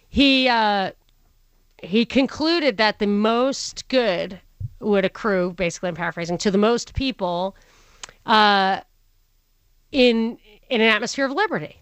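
Animated, rambling woman talk-show host. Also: a little high, no echo. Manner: animated, rambling with many restarts. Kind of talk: casual chat.

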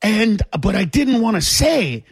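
Middle-aged comedian guy on the radio, kinda high and husky, gets loud telling his story. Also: a little slow, dry recording, studio quality. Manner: animated, bursts into loud exclamations. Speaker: comedian guest.

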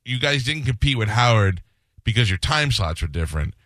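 A man's voice: on the low side, very animated, brisk, a bit bright, dry recording, studio quality. A middle-aged man, a radio host, telling stories in a casual interview and acting out the voices he quotes.

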